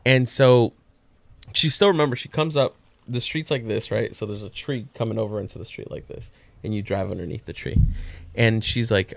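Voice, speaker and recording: A man's voice: lowish voice, brisk, creaky. A man co-hosting a podcast, telling a story in a loose, profane, slangy way. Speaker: podcast co-host. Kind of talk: casual storytelling.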